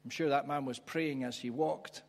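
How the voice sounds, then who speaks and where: A man's voice: mid-range voice, fairly even intonation, vocal fry. Man preaching in a reverberant hall. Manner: reflective, conversational preaching with emphatic pauses. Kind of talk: sermon. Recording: church hall with long reverb.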